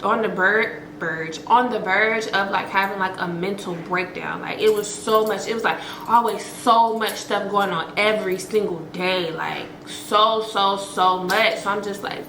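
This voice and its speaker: A woman's voice: mid-range voice, measured pace, hardly any pauses, echoey room, slight background noise, rough recording. A woman vlogger telling a story to her viewers in a chatty, slangy, profane way, full of fillers and acted-out quotes. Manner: expressive, acts out quotes.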